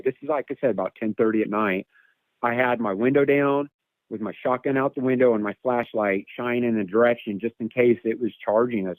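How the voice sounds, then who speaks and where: Over a tinny, dry phone line, a man with a medium-pitched voice and no room sound tells a long personal story. He's a guest recounting an encounter, rambling casually, repeating words and imitating animal calls.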